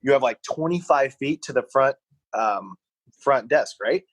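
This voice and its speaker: A man's voice: medium pitch, unhurried, husky, no echo, low-quality recording. Young guy telling a rambling story, does little voices for people, dry mic. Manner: rambling, animated anecdote with voiced quotes. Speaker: podcast co-host. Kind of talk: casual storytelling.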